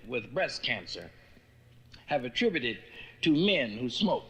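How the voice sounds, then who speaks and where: A man's voice: medium pitch, very animated, slow, a bit bright, breathy edge. A man doing a stand-up comedy routine who tells jokes loosely, with stammers and asides.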